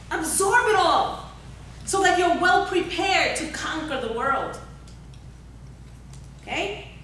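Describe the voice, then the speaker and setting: Female motivational speaker, bright and forceful, heard far off in a reverberant hall with faint room noise. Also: sits high. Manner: exhorting, repetitive, asks the audience questions. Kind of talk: motivational seminar talk. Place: large echoey workshop hall.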